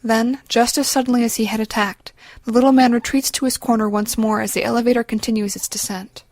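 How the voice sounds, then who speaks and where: A woman reading an audiobook in a measured, even storytelling voice, close to a studio mic. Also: fairly high pitch, no room sound. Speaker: audiobook narrator. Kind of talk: scripted audiobook narration.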